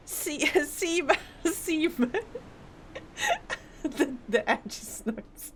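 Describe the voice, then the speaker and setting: A woman's voice: high-pitched, animated, very slow, long pauses, a little hiss or hum. A woman casually commenting on a game as she plays, giggling and reacting aloud. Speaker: streamer.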